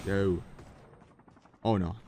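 A man giving jokey, excitable live commentary while playing a mobile shooter game. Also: low voice, drawn-out words, noisy background. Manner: excitable, jokey, keeps exclaiming in alarm. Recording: loud game gunfire behind. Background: game gunfire and explosions.

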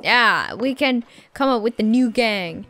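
Young woman gamer, excited, swearing, high and lively, slow-paced, loud game music. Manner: excitable, cursing, shouting at the screen. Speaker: gaming streamer. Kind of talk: game reaction commentary. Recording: loud game soundtrack behind.

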